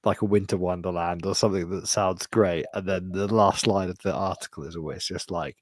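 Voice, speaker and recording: A man co-hosting a podcast, telling a lively story in casual chat, full of swearing and mimicked voices. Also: low voice, fairly quick, dry recording, clean studio sound. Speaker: podcast co-host.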